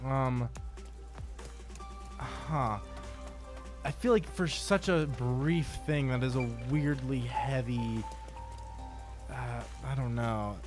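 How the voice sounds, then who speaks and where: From his home desk setup, a man livestreams a game, talking to himself and his chat with exasperated swearing and melodramatic pleading. His medium-pitched voice moves slowly with long pauses, and music plays underneath.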